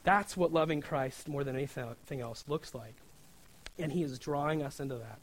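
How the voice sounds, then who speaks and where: A man with a slightly high voice gives a sermon in a loose, conversational style. He keeps checking in with his listeners and acts out the prayers he quotes. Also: normal speed, poor audio. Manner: informal, often asks "right?", acts out quoted prayers. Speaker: preacher.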